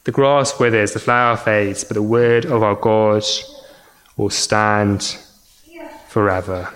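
A man's voice: steady tone, slow pace, fairly bright tone. Earnest man preaching a sermon. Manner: earnest, repeats words when restarting, rises in pitch for emphasis. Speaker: pastor.

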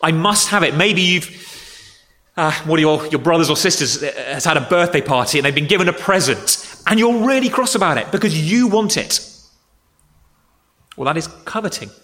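A man's voice: on the high side, expressive, moderate pace, a bit bright, in a large hall. A man preaching a sermon to children and adults, conversational and explaining with examples. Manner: conversational, with acted-out grumbling quotes.

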